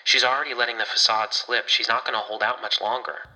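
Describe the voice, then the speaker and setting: A man's voice: medium pitch, steady tone, quick pace, sharp tone, low-quality recording. Man doing a tense, anxious young man. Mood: urgent. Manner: tense, urgent.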